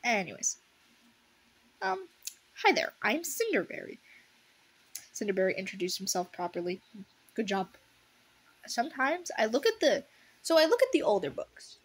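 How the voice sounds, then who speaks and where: A woman's voice: a little high, big pitch swings, moderate pace, pauses often, slightly rough. A woman casually reading a fan story aloud and breaking off for sarcastic, laughing commentary. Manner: sarcastic, laughs often, unscripted. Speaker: audiobook reader and commentator.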